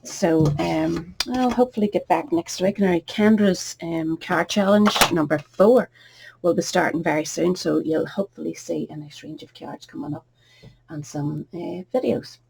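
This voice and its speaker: Craft lady with a bit of fry in her voice, chatty how-to, noisy home recording. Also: fairly low pitch, expressive, moderate pace. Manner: chatty, homely, soft asides under her breath. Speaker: card-making tutor. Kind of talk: casual craft tutorial.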